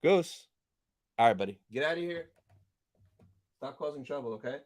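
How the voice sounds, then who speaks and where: A young man hosting a live stream, chatting casually and excitedly while reading viewer comments aloud. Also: medium pitch, moderate pace. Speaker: livestream host.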